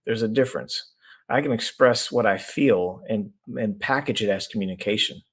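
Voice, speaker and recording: A middle-aged man, an executive coach guesting on a podcast, explaining his ideas through lively stories and acted-out voices. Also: on the low side, moderate pace, breathy edge. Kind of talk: conversational storytelling.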